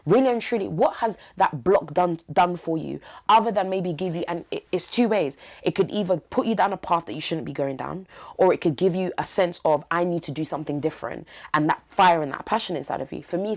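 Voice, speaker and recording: Low gravelly young woman. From East London. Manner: heartfelt, emphatic, slangy. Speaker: podcast guest. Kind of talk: candid interview talk.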